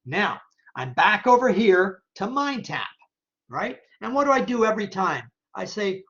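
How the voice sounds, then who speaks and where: Guy teaching a slide software demo, kinda high voice, bit muffled audio, keeps going "okay?". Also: animated, moderate pace. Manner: thinks aloud, checks steps, often asks "okay?". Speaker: college instructor. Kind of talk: screen-recorded software tutorial. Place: at a computer, voice-over on screen capture.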